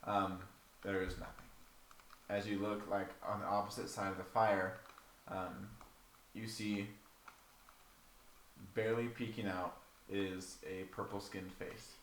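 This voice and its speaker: A man's voice: on the low side, flat delivery, a little slow, long pauses, a bit bright. A man narrating as game master in a tabletop game, casual, with frequent "um" and "like". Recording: echoey room with faint noise.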